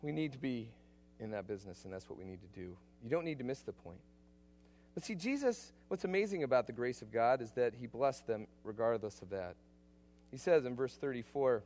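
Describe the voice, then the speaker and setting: A man preaching a sermon as a missionary, emphatic and energetic, swinging between loud bursts and quiet asides. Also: mid-range voice, a little fast.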